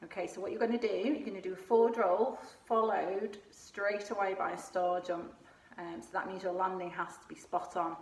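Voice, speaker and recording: Here a woman with a fairly low voice encourages children through gymnastics at home, demonstrating as she explains and getting a little out of breath now and then. A faint hiss or hum sits under the recording, and she sounds far off in an echoey room.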